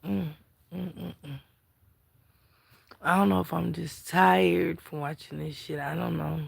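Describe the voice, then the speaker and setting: A woman's voice: fairly low pitch, fairly even intonation, unhurried, gravelly, slightly rough. A tired woman hosting a casual live stream, chatting about celebrity gossip and greeting viewers in chat. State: tired, yawning. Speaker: livestream commentator.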